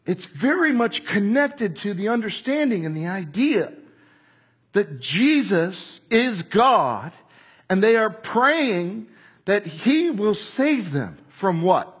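A man preaching a sermon, animated, acting out crowd voices and shouting at times. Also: high voice, slow pace, husky.

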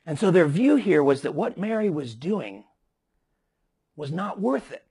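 A man's voice: fairly high pitch, big pitch swings, a little slow, warm tone, husky. A man preaching a sermon emphatically, with frequent restarts as he explains scripture. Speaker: pastor.

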